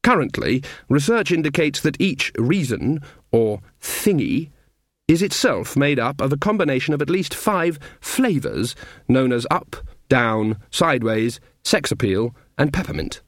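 A man narrating an audiobook with a dry, wry, even delivery. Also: medium pitch, unhurried, no room sound.

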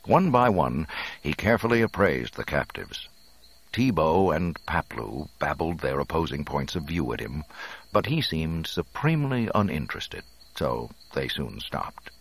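A man with an extremely deep, gravelly voice reads a storybook aloud. His delivery is expressive and dramatic, rising and falling widely, with a husky rasp throughout. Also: measured pace. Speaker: narrator. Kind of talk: storybook reading.

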